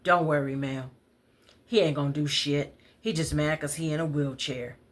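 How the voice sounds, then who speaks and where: A woman voicing a bold, protective woman in her forties who talks back loudly and curses. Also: deep voice, steady tone, natural voice. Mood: fierce. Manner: loud, brash, cursing, fast.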